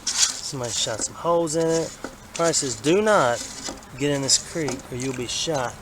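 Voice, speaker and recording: A man, chatting excitedly to himself and his viewers as he searches a creek outdoors. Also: medium pitch, normal speed. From Alabama. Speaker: vlogger. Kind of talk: casual outdoor narration. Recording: outdoor recording with clear background noise.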